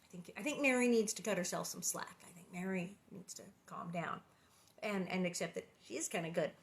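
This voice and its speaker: A woman's voice: lowish voice, creaky. A woman reading a children's book aloud and breaking off for chatty, joking commentary, laughing often. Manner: animated, joking, laughs often, quick asides. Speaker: reader and commentator. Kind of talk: casual read-aloud with chatty asides.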